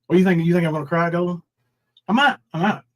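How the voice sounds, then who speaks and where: A man's voice: high voice, fast, poor audio. A man in his forties hosting a casual livestream, rambling through his troubles and reading viewers' names from the chat. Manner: rambling, reads chat names aloud, mock crying bits. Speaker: livestream host.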